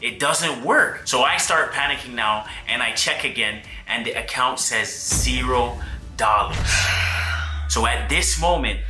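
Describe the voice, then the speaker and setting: A man's voice: medium pitch, measured pace, bright, forceful tone, reverberant, faint music behind. A man co-hosting a couple's channel, retelling a tense story with intense, breathless delivery. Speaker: channel co-host.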